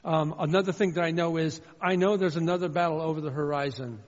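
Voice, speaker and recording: A man preaching a sermon as a pastor, shifting from loud fervent calls to quiet personal storytelling. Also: fairly high pitch, steady tone, fast talker. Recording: dull sound with long hall reverb.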